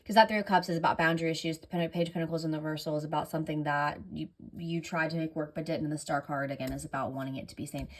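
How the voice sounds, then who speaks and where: A woman's voice: deep voice, steady tone, racing, hardly any pauses. A woman running a casual tarot reading, rambling and correcting herself often, audibly breathing heavily. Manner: rambling, filler-heavy, self-correcting. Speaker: tarot reader.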